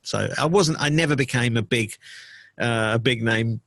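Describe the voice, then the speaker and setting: A middle-aged man, a DJ and producer, recalling his career in a casual interview, relaxed and full of fillers. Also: medium pitch, moderate pace, no room sound. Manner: relaxed storytelling with many fillers.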